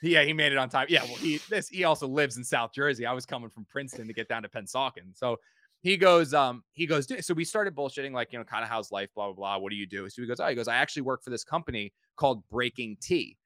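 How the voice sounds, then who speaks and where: A man's voice: medium pitch, lively intonation, quick pace, pushed and bright, no room sound. A man hosting a podcast in casual chat, rambling through stories and repeating his words. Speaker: podcast host and sports reporter.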